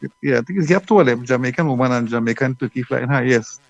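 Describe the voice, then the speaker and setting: A man talks as a radio guest, his voice gravelly and middle-pitched. He speaks softly and haltingly. The sound is dull and dry. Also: dry recording. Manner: halting, soft-spoken. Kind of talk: casual radio chat.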